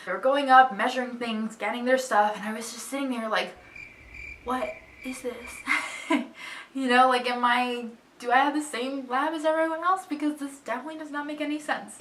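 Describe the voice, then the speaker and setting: Young woman vlogger, bright, candid storyteller, slightly distant mic in a roomy space. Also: medium pitch. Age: young adult. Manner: chatty, candid, expressive. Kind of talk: casual storytelling to camera. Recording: echoey room, voice a bit far from mic.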